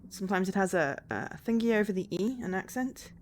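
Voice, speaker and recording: A woman giving casual, halting commentary while streaming a game, often trailing off mid-thought. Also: mid-range voice, animated, slight background noise.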